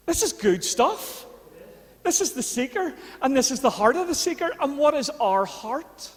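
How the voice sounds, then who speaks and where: High-voiced Northern Irish pastor preaching. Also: male voice, very animated, moderate pace. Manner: conversational preaching, rising to fervent appeals. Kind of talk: sermon. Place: church hall. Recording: long church reverb.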